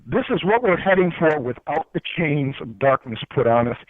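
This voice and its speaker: Male guest, earnest spiritual lecturer, slightly high voice, tinny dry phone sound. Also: very animated, moderate pace. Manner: earnest, preachy, repeats words while searching for them. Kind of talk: spiritual teaching over a call-in chat. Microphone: phone line.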